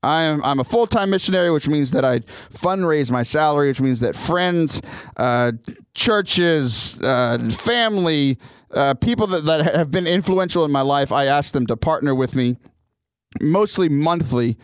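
A man's voice: a little high, measured pace, smooth, no echo. A man hosting a faith podcast from a studio, talking in an earnest, upbeat way and often restarting his sentences. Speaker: podcast host and youth missionary. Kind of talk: casual podcast talk.

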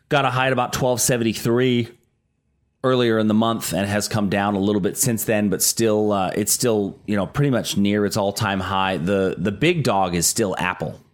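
A middle-aged man co-hosting a casual talk show, explaining stock market trends with frequent restarts. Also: fairly low pitch. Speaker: market analyst co-host.

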